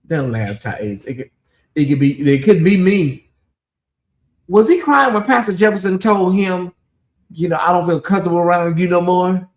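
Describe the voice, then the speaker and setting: A medium-pitched channel host gives sassy live commentary on a TV show, reading viewer names out loud and breaking into loud exclamations.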